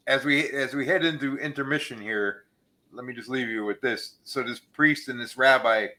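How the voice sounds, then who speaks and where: Bright-voiced male podcast host. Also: mid-range voice, normal speed, slight background noise. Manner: joke-telling storyteller, laughs at own punchlines. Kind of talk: casual chat, telling jokes.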